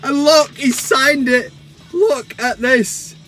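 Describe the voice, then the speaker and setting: A young man hosting a fan vlog, giddy, shouty and crude as he opens a parcel. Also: very high-pitched, slow, soft background music. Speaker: vlog host.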